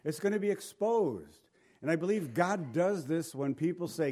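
A man leading a Bible study. He reads scripture aloud, then explains it in plain, halting talk and often repeats words. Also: a little high, lively intonation, mellow. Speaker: Bible teacher. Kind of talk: informal Bible study teaching.

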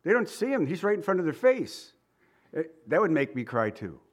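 A male pastor giving a conversational sermon. He reads scripture, repeats key phrases for emphasis and drops into quiet asides. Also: a little high, big pitch swings, moderate pace.

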